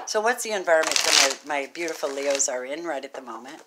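A woman giving a casual tarot reading to camera, gushing and excitable, swinging from loud exclamations to hushed murmurs. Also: low voice, quick pace, very noisy. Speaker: tarot reader.

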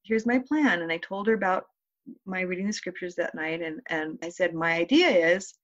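A woman and mother telling a personal story as a guest, heartfelt and hesitant, with pauses and restarts. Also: fairly low pitch, fairly even intonation, a bit bright. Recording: slightly muffled podcast clip.

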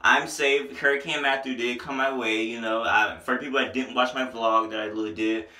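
Loose, joking young man, bright voice. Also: mid-range voice, fairly even intonation, moderate pace, echoey room. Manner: loose, joking, slangy, trails off and repeats himself. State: has a headache, low-energy at times. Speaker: music reviewer. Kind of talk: casual vlog review. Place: small indoor room.

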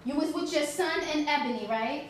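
A jealous, demanding woman , as a podcast host puts her on, speaks high and accusing. She pushes every question hard. The room is echoey, with clear noise behind her. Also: a little fast, close to an everyday voice. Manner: accusing, pressing.

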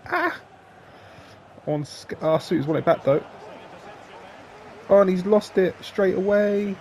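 Excitable sweary gamer man. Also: high voice, a little slow, a little hiss or hum. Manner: excitable, sweary, swings from shouting to flat grumbling. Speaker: gaming YouTuber. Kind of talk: live gameplay commentary.

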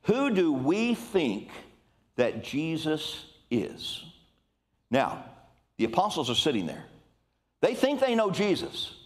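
An older man preaching a sermon in a lively, conversational way, with frequent asides to the congregation. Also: a little high, slow pace, pauses often.

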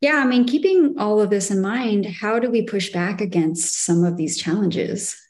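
A woman speaking on a panel discussion in a measured, reflective way. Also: mid-range voice, darkish tone.

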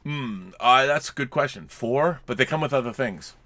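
A man's voice: mid-range voice, expressive, normal speed, sharp tone, no echo. A man co-hosting a casual film chat, joking around and reading viewer comments aloud. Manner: jokey, reads super chats aloud. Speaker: podcast co-host. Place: home studio with collectibles.

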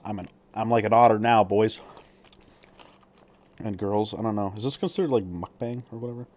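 A man's voice: lowish voice, fairly quick, darkish tone. A young man chatting casually through a food review vlog while he eats, rambling with lots of fillers and appreciative hums. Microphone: streaming setup mic.

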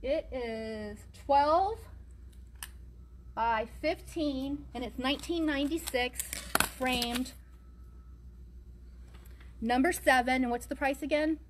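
Against a noisy background, a woman speaks slowly in a high-pitched voice and pauses often. She owns a vintage shop and is running a live shopping sale, calling out item numbers and prices as her voice gives out.

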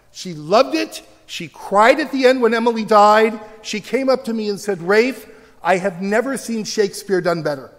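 A man's voice: sits high, a bit bright. A middle-aged man, a teacher, giving a passionate lecture in a university auditorium and acting out the voices of his critics. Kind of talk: animated public lecture. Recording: long hall reverb from the auditorium.

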